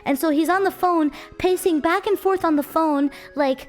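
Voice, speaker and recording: A young woman streamer telling a story in a casual, chatty, animated way. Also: very high-pitched, normal speed, few pauses, faint music behind. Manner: animated, chatty, checks in with "right?".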